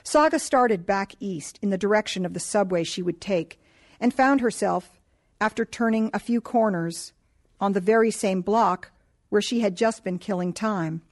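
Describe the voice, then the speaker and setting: A woman with a medium-pitched voice reads a novel aloud in calm, measured narration, working from a script as an audiobook narrator.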